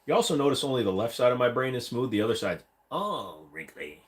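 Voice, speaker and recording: A man chats loosely with his livestream viewers from a room at home, joking and rambling from one subject to the next. His voice sits at a middle pitch and swings widely up and down as he talks, often jumping into goofy put-on voices. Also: sing-song, brisk. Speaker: livestream host. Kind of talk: casual livestream chat with viewers. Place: home room, seated against a wall.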